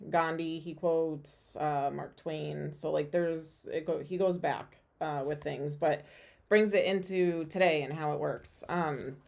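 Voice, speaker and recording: A woman's voice: deep voice, darkish tone. A woman tarot reader hosting a casual live stream, chatty and rambling with many fillers.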